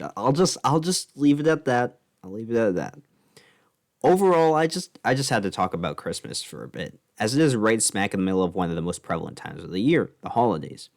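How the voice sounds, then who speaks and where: A man's voice: lowish voice, lively intonation, moderate pace. A man doing a comedic monologue as a vlogger, sarcastic and swearing, with rants that climb into mock outrage.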